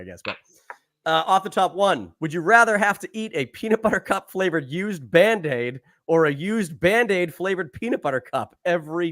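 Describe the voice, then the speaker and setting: A man's voice: fairly high pitch, a bit bright. A man hosting a podcast in casual chat, rambling and laughing often as he talks. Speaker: podcast host.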